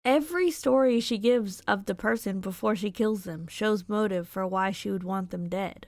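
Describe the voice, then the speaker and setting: Gravelly true-crime commentator woman. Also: mid-range voice, normal speed, hardly any pauses, no echo, studio quality. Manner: analytical, opinionated.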